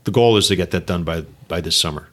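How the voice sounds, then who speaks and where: A middle-aged man appears as a guest on a podcast, chatting casually in a rambling, upbeat way and often tacking "right?" and "you know" onto his lines. His voice is low and fairly bright, and he talks fast.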